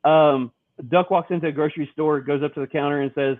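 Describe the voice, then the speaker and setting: A man co-hosting a podcast in casual chat, halting with filler sounds and the odd swear word. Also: fairly high pitch, fairly even intonation, dry recording. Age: adult. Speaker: podcast co-host. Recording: tinny lo-fi phone-like sound.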